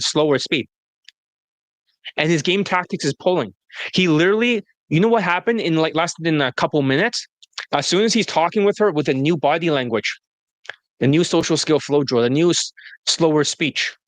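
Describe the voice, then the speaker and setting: A man with a slightly raised pitch speaks as a dating coach in a loose, casual interview. His talk is blunt and full of profanity, often broken by laughter. The sound is dry and close. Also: dry recording.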